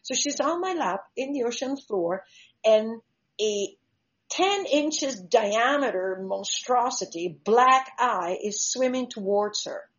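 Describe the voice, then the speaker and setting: A woman's voice: a little high, lively intonation, takes it slowly. A woman, a shark diver and conservationist, telling stories in an interview and acting out vivid examples as she explains. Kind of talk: conversational interview storytelling. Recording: slightly dull lo-fi recording.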